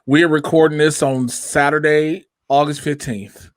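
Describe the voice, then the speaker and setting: A man's voice: fairly high pitch, unhurried. A young man with a Chicago accent, a podcast host chatting casually over a video call, laughing and swearing as he tells stories. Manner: profane, laughing, animated storytelling. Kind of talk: casual chat.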